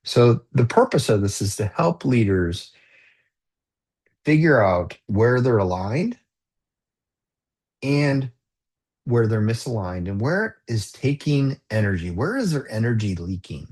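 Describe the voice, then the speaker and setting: A man's voice: mid-range voice, sing-song, slow, pauses often, a little mellow. A man coaching leaders in a live talk, earnest and reflective, posing repeated questions with casual fillers and restarts.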